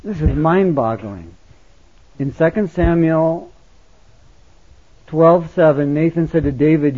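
A male pastor preaching a sermon, impassioned, swinging between loud exhortation and quiet intimacy. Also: a little high, unhurried, long pauses. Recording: tinny phone-like sound.

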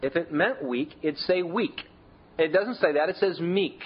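A man preaching a sermon in a conversational way, leaning hard on key words with big shifts in pitch and volume. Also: a little slow, slightly rough, highs cut off. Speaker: pastor.

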